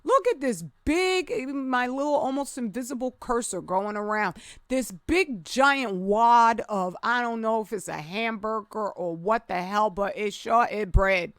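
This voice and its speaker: A middle-aged woman hosting a reaction commentary, talking emphatically and preachily, dropping to low murmurs and jumping to excited high exclamations. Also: a little slow, hardly any pauses, no echo, studio quality. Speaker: commentary video host.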